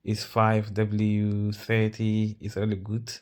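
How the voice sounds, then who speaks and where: Male vlogger, low-pitched, Arabic, chatty and self-mocking with lots of tangents. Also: completely flat delivery, takes it slowly. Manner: rambling, self-mocking, with many asides. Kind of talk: casual talk over car-maintenance footage.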